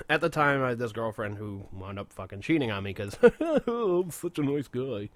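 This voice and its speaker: A man's voice: medium pitch, sing-song, normal speed, no room sound. A young man co-hosting a podcast, telling a rambling story full of swearing and laughing at his own jokes. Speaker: podcast co-host. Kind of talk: casual profane chat.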